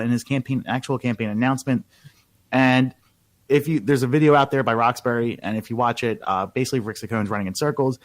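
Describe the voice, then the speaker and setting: A man's voice: medium pitch, no room sound. Emphatic man with a dry, close sound. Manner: filler-heavy, emphatic, gossipy. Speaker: political reporter guest. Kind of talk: casual political talk.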